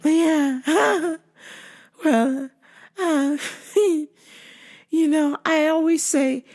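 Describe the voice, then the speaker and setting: Woman doing a high, slow, syrupy church lady: clingy and over-sweet. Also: a little mellow, heavily acted. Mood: preachy. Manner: slow syrupy sing-song, drawn-out blessings. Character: creepy overfriendly churchy woman customer.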